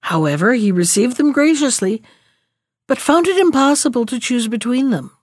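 A woman's voice: on the high side, lively intonation, normal speed, darkish tone, no echo. Woman reading a fairy tale, dry sound. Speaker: storyteller and podcast host. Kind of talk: storybook reading.

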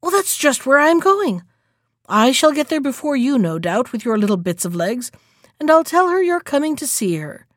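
A woman voicing a sly, hungry male wolf in a storybook reading, coaxing and falsely gentle. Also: high-pitched, sing-song, moderate pace, dry recording, studio quality. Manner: smooth, coaxing, feigned gentleness.

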